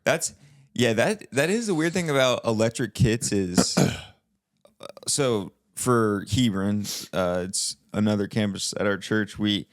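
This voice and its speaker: A man's voice: lowish voice, slow pace, no echo, studio quality. A young man co-hosting a podcast in casual chat, talking animatedly and often restarting his sentences. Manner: animated, restarts mid-sentence, critiquing a church band clip. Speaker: podcast co-host.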